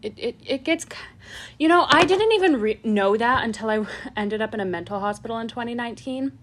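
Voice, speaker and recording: A woman's voice: a little high, expressive, brisk. A woman co-hosting a podcast in casual chat, rambling through stories and laughing often. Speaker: podcast co-host.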